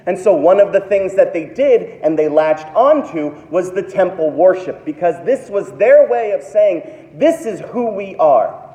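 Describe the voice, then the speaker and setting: High-voiced man preaching in an echoey hall. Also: warm tone. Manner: dramatic, acts out quoted voices. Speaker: pastor. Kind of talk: sermon. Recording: echoey hall, dull lo-fi sound.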